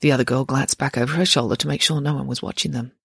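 An audiobook narrator, reading a story in an expressive, wry way. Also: mid-range voice, quick pace, vocal fry, slightly rough, dry recording, studio quality.

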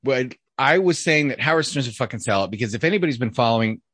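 A man's voice: medium pitch, animated, fast, fairly bright tone, breathy edge, no room sound. A man hosting a casual podcast chat, talking in a profane, rambling way. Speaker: podcast host.

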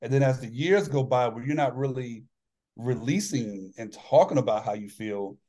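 A man's voice: mid-range voice, normal speed, warm tone. A man guest on a podcast, candidly telling a personal story in an earnest, reflective way. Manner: earnest, reflective, acts out dialogue in his stories. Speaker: podcast guest, author and former athlete.

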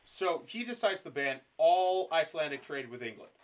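A man's voice: a little high, lively intonation, moderate pace. Profane, joking male podcast host. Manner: joking, profane, slips into silly put-on voices. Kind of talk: casual history chat.

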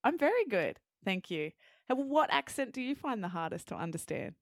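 A woman hosting a show who explains English words clearly and then interviews a guest. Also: on the high side, sing-song, dry recording, studio quality. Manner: clear, measured teaching delivery. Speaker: host and English teacher.

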